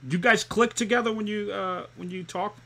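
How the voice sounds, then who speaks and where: A man's voice: high-pitched, a little fast, vocal fry, a bit bright. A male host asking questions in a chummy, encouraging casual interview.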